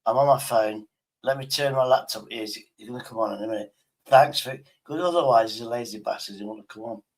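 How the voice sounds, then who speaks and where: A man's voice: mid-range voice, brisk. A man streaming live, chatting in a blunt, rambling way with casual swearing.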